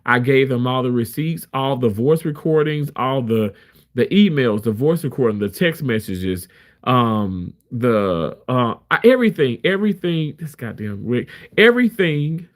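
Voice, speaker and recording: A man with a mid-range voice speaks at a measured pace, addressing the camera as a live streamer. He tells a story in a candid, emphatic way, restarting often, in a casual storytelling rant.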